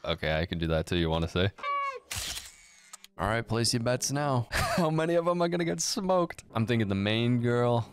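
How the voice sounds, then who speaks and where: A young man hosting a movie reaction, joking and swearing casually, with sudden gasps and shouts. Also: mid-range voice, expressive, moderate pace, a little hiss or hum.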